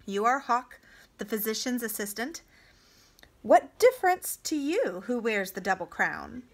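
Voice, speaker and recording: A woman voicing a shrewd, indifferent middle-aged male king in a storybook reading, in a flat, quietly probing manner. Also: on the high side, a little slow, exaggerated voice. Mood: cool.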